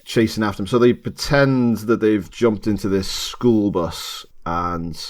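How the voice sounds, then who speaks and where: Podcast co-host, man with a lowish voice, lively storyteller, laughs and swears a lot. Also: a little slow. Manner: animated, swearing, laughing often. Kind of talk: casual podcast chat recapping a TV episode.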